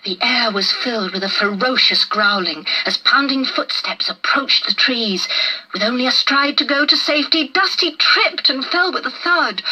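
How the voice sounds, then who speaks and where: A woman narrating a children's storybook in a measured, gentle way. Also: on the high side, animated, breathy edge, poor audio.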